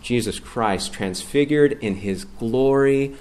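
Middle-aged man, guest preacher, earnest sermon, swells loud on scripture readings. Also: medium pitch, slow pace.

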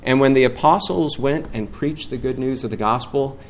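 Middle-aged man, guest preacher, earnest sermon, swells loud on scripture readings. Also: medium pitch, normal speed, slight background noise.

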